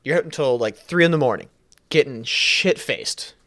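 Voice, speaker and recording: Rambling, joking Canadian podcast host. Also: male voice, mid-range voice, moderate pace, fairly bright tone, no echo, clean studio sound. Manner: rambling, self-deprecating, jokey. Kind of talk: casual chat.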